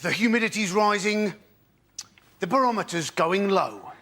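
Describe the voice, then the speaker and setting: A man's voice: high voice, animated, moderate pace, pushed and bright, a faint crowd, slight background noise. A man, a panel show comedian, using a mock-serious forecaster delivery. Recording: studio audience laughter.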